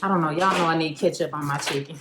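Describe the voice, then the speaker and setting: A woman's voice: low voice, fairly even intonation, quick pace. A young woman hosts a casual chat over a meal, slangy and laughing while she eats. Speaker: host. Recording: roomy home recording with faint noise.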